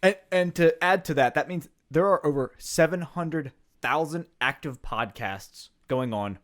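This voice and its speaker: A man's voice: fairly high pitch, a little slow, fairly bright tone. A man co-hosting a podcast in casual chat, playful and joking with his guest. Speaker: podcast co-host.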